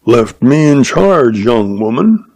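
A man voicing a gruff, bullying older stepfather who roars his words out slowly and rudely. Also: mid-range voice, darkish tone, dry recording. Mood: harsh bullying. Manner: roaring, slow and rude.

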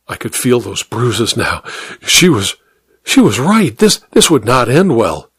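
Slow, dry-voiced male narrator. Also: medium pitch, wildly swooping pitch, fairly bright tone, slightly rough, dry recording. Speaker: audiobook narrator. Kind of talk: first-person story narration.

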